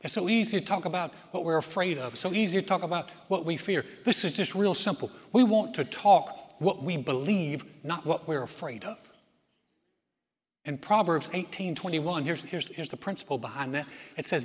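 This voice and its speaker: Serving as pastor, a man preaches a sermon in an earnest, conversational way, broken by emphatic bursts. His voice sits high and moves at normal speed, carried by the long reverb of a church hall.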